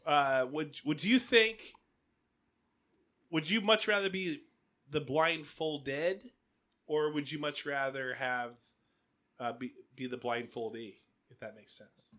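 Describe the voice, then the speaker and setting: A man in loose casual chat as a podcast co-host, his voice sitting a bit high with a bright, forceful edge. He teases and pokes at the others with provocative questions, breaking into laughter often. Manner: teasing, quick to laugh, asks provocative questions.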